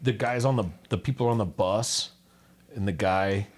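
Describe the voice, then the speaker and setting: A man's voice: fairly low pitch, moderate pace. A man co-hosting a podcast, chatting casually and cracking jokes. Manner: jokey, riffs with put-on voices. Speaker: podcast co-host. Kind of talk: joking casual chat.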